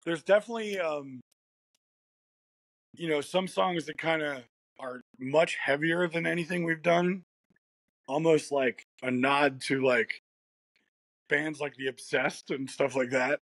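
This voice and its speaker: Rambly american guy in an interview, husky voice, laughs a lot, dead dry sound. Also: a little high, measured pace, long pauses, a bit bright, no room sound. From United States. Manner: laid-back, rambling, laughs often. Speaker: guest musician. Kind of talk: casual interview chat.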